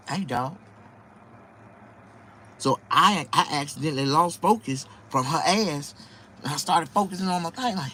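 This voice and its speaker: A young man doing stand-up, telling a rambling, profane story in an animated way. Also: high voice, normal speed, noisy background. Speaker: comedian.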